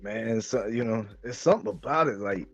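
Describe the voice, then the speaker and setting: A man hosting a casual chat, relaxed and laid-back, often saying "man" and "you know what I mean". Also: medium pitch, normal speed, no echo. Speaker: host. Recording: lo-fi audio with faint music.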